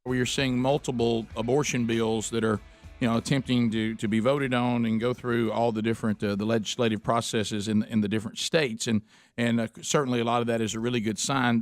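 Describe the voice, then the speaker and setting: A man hosting a talk radio show, speaking earnestly with many halting restarts. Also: mid-range voice, no room sound. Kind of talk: casual talk radio chat. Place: radio studio. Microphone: studio microphone.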